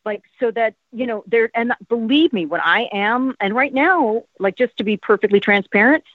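A woman's voice: on the high side, normal speed, no room sound. A woman in her fifties from South Jersey, an actress talking in a casual interview, rambling with lots of "like" and "um". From South Jersey, USA. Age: 50s. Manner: rambling, many "like" and "um" fillers. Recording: tinny, phone-like, dry sound.

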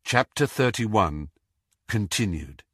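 Male audiobook narrator, lively and expressive, bright tone with a husky edge. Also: on the low side, slow, no echo, studio quality. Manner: expressive storytelling. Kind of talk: scripted narration.

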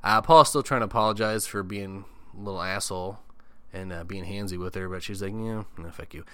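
A man's voice: deep voice, steady tone, brisk, a bit bright, smooth, dry recording. A man casually recapping a horror film, swearing often, chuckling and tossing in comic asides. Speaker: podcast host.

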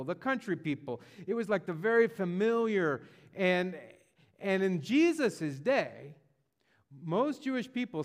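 A man preaching a sermon in a conversational way, often repeating words and restarting, and rising with feeling as he speaks. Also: high voice. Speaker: pastor.

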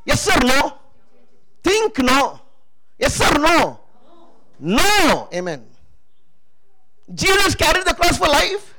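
Male preacher, emphatic sermon, gravelly, bright tone, calls out to the crowd. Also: very high voice, wildly swooping pitch, slow, pauses often, a little hiss or hum, low-quality recording. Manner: emphatic, calls out to the congregation for responses. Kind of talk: sermon testimony.

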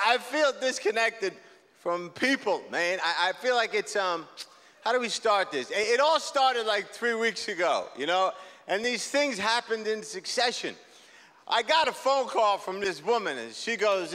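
A young adult man doing an energetic, rambling stand-up comedy set on a theater stage, acting out the people in his stories. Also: high-pitched, in a large hall. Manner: energetic, rambling, acts out quoted characters.

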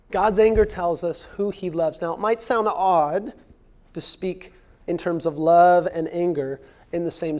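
A pastor in his thirties preaches a sermon with a high-sitting voice. He is earnest and repeats key phrases for emphasis, at times sinking into a hushed near-whisper.

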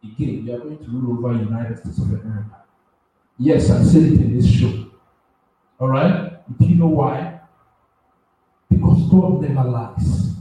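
A man preaching with strong emotion. He stumbles over words, restarts phrases, and his voice surges high and loud when he gets worked up. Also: moderate pace, long pauses. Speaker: self-styled prophet and preacher. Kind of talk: impassioned spontaneous preaching. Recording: very echoey room, voice far from the mic.

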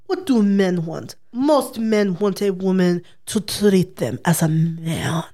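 A woman putting on an Eastern European accent to voice a sultry woman, slow and a little lower. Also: animated, warm tone.

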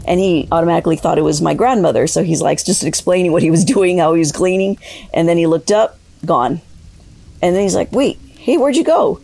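A woman calling in to share a ghost story, telling it in a rambling, halting way with many fillers. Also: fairly low pitch, fairly even intonation, gravelly, warm tone, no room sound. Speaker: caller sharing a ghost story. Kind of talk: casual spoken storytelling.

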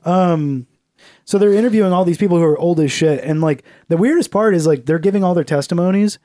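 Dude rambling in casual podcast chat, lots of swearing and likes, mellow voice, dry close sound. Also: male voice, high-pitched, a little fast, no room sound. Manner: loose and profane, full of fillers, slips into mocking voices. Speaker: podcast co-host.

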